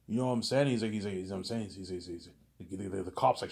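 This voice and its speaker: A man's voice: low voice, very fast, creaky, few pauses, a little mellow. A man telling a long, rambling story casually, repeating words often and adding constant filler tags.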